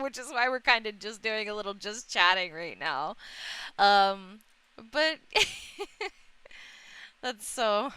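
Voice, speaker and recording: A woman's voice: medium pitch, bright, forceful tone, clear, resonant tone. A woman streamer chatting casually with viewers, giggling often and a little under the weather. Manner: giggly, often laughing, emotional. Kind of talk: casual live-stream chat.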